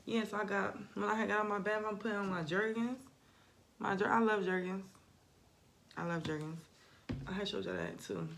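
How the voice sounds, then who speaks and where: A woman's voice: lowish voice, a little hiss or hum. A woman, talking through a casual, rambling confessional monologue, swearing freely. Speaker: spiritual vlogger.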